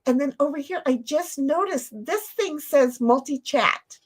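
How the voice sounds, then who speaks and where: A woman's voice: sits high, measured pace. A woman co-hosting a casual livestream chat, blunt, profane and playful. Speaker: stream co-host.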